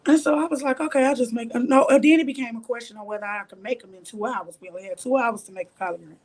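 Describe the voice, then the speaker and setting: This interview guest from a reality show races through a candid anecdote in a voice that's a little high. Her telling is lively, blunt and full of profanity, with others' dialogue acted out.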